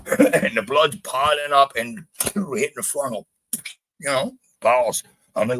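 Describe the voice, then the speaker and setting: A man's voice: medium pitch, measured pace, low-quality recording. A man from Canada telling a gritty story in casual podcast chat, blunt and full of swearing. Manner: profane, blunt, animated retelling. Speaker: podcast guest.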